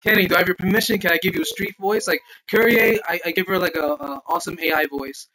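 A man's voice: high voice, quick pace, bright, forceful tone, slight background noise, rough recording. A man hosting a casual gaming livestream, reading chat aloud, laughing often and blessing viewers in churchy phrases.

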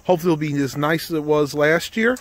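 A man's voice: a little high, fast talker. A man vlogging outdoors at a street fair, chatty and upbeat as he talks to his viewers on a handheld camera. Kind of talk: casual vlog chat. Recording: crowd noise of an outdoor fair.

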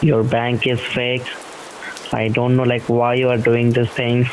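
A man's voice: medium pitch, completely flat delivery, unhurried, a little mellow, slight background noise. A man with an Indian accent on a phone call, pushy and pleading, calling the listener ma'am over and over. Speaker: phone scammer. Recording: tinny phone line.

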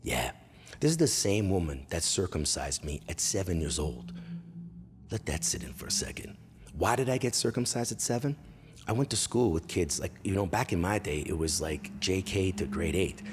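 A Canadian man in his forties tells crude comic stories from his childhood with a low, deep voice. He gets animated and breaks into loud bursts and impressions. A faint hum of room noise sits under him. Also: moderate pace. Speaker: comedian host. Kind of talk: comedic storytelling monologue.

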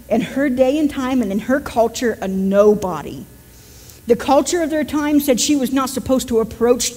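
A woman's voice: a little high, a little mellow, big-room sound. A woman pastor with a West Virginian accent, giving a conversational sermon and joking with her congregation. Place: church sanctuary.

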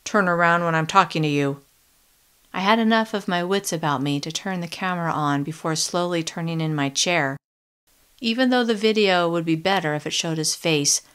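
A woman reading a first-person young adult novel in a steady, measured audiobook narration. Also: sits low, clear, resonant tone.

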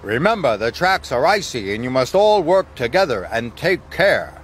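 A commanding railway boss who booms his orders, as a man puts him on. His voice sits a little above the narrator's and moves with plenty of life. This is a children's cartoon. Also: sing-song, normal speed, fairly bright tone, a little hiss or hum. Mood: stern. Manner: booming, firm and commanding. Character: stern portly male railway boss.

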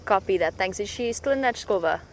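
A woman's voice: mid-range voice, animated, brisk, a little hiss or hum. A woman safari guide giving chatty live commentary from an open vehicle in the bush. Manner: chatty and hopeful, hushed when near animals.

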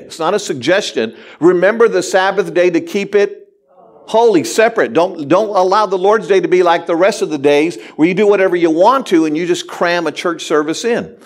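A male pastor delivering a sermon in a church, his voice sitting high for a man. He speaks animatedly to the congregation, mixing humor with his points. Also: expressive, brisk. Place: church sanctuary.

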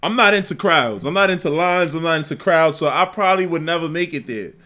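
Young male reactor, slightly high voice, excitable and rambling, casual street slang. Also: a little fast. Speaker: music reaction channel host.

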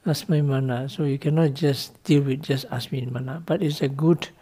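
A man's voice: mid-range voice, steady tone, normal speed, mellow. A man, a Buddhist monk, giving a dharma talk to students in loose, non-native English, asking "no?" to check understanding and laughing lightly. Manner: loose, playful teaching with frequent tag questions like "no?" and small laughs.

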